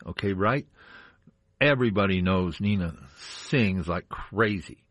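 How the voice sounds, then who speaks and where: A man hosting a jazz radio show from a studio mic, chatting in a relaxed way with joking asides about the records he plays. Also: low-pitched, unhurried, husky, no room sound. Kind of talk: casual on-air chat. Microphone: studio microphone.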